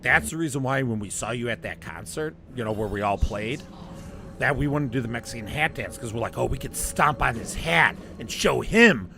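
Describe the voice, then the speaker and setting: A man's voice: mid-range voice, gravelly. A man telling a long, rambling personal story in casual chat, often laughing and restarting.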